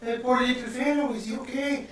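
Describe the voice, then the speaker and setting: Man playing a fussy, apologetic woman servant in a tabletop game, pitched high and fluttery. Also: fairly even intonation, brisk, fairly bright tone. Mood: fretful. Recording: roomy, distant mic.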